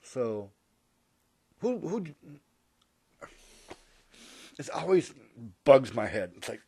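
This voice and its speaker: A man's voice: medium pitch, big pitch swings, slow, mellow, husky, no room sound. A man rambling through a comedic monologue, interrupting and correcting himself as he goes. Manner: rambling, hypothetical, self-interrupting. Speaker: vlogger.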